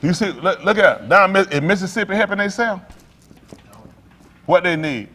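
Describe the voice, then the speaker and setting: A man preaching a sermon as pastor, telling stories with loud outbursts. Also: high-pitched, moderate pace, slight background noise. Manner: animated preaching with storytelling, loud outbursts and laughs.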